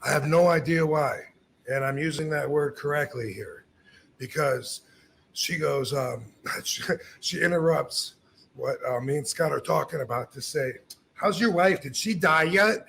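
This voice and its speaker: Gravelly man telling a story. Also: mid-range voice, unhurried, slight background noise. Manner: animated, acts out quoted dialogue, frequent restarts. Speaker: podcast host. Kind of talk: casual storytelling.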